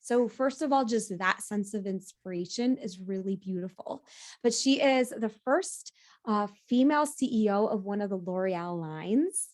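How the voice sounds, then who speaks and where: A woman speaking as a podcast guest in a casual interview, animated, laughing easily and often restarting her sentences. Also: mid-range voice, moderate pace.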